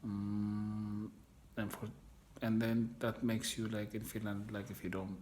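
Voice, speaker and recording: The lowish, slightly mellow voice stays level and measured, with slight background noise. It belongs to a man giving a documentary interview, telling his own story frankly and ramblingly, fumbling for words and cursing without much thought.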